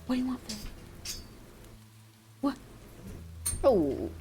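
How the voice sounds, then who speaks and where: A woman ASMR streamer chatting casually on a booth mic, giggly and playful, slipping into high sing-song baby talk with her pet. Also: sing-song, extremely slow, long pauses, dark tone, a little hiss or hum. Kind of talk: casual chat. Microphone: ASMR microphone in a sound booth.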